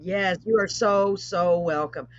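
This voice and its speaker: A woman hosting a live online show, chatting casually with rambling asides and warm blessings. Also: fairly low pitch, slow pace. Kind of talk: casual live-stream chat. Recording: dull lo-fi stream audio.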